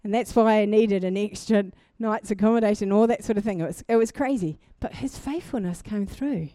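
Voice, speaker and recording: A young woman preaching a sermon, telling a personal testimony in an animated way and building to fervent exhortation. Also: mid-range voice, a little fast, dry recording. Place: church.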